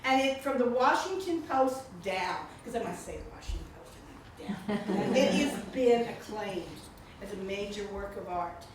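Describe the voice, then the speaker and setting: Expressive and medium-pitched, an older woman speaks at normal speed with hardly any pauses as she introduces the author at a book reception. Her manner is warm and chatty, full of laughs, and the echoey, noisy indoor room is picked up by a far-off mic.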